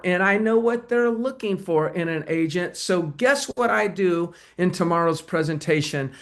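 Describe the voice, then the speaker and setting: Energetic man teaching real estate sales. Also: sits high. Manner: energetic, acts out client dialogue. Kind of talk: sales training talk.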